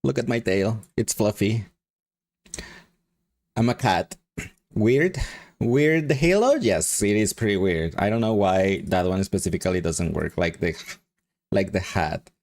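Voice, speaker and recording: A man's voice: on the low side, animated, a little slow, pauses often, a little mellow. A man with a Mexican accent chatting casually with his live stream chat, rambling and laughing often. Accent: Mexican Spanish.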